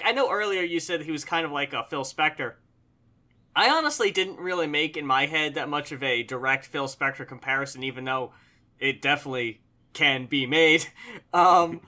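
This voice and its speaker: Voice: mid-range voice, lively intonation, normal speed, pushed and bright. A co-host in a casual film review chat, enthusiastic and rambling, swearing casually. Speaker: co-host of a movie review show.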